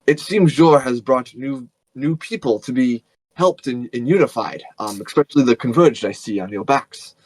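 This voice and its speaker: Robed priest, welcoming, gentle, halting, voiced by a man, dry sound, tabletop game. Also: medium pitch, dry recording, close to an everyday voice, poor audio.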